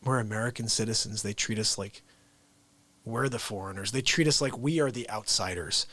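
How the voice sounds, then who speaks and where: A man's voice: fairly low pitch, moderate pace, fairly bright tone, dry recording. A man hosting a live show, delivering an exasperated satirical comedy rant. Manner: exasperated ranting.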